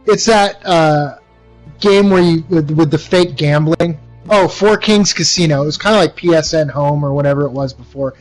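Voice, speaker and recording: Rambling young American man, higher voice. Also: moderate pace, soft background music, low-quality recording. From United States. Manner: rambling, many fillers and restarts, chuckles often. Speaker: livestreaming gamer. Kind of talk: casual rambling chat while gaming.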